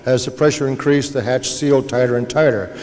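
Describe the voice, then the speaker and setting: A man's voice: mid-range voice, fairly even intonation, brisk, a little mellow. An older man on a panel recounting stories with dry humor and an easygoing manner. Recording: long hall reverb.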